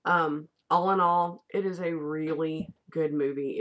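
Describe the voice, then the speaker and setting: A woman's voice: deep voice, fairly even intonation, a little slow, few pauses, a bit bright, highs cut off. A woman vlogger in casual, rambling chat reviewing a favorite movie, with the odd casual swear.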